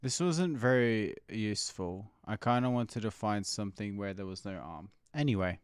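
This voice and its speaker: A man's voice: lowish voice, expressive, moderate pace, a little hiss or hum. A man streaming, reacting to memes in casual, rambling chat full of "like".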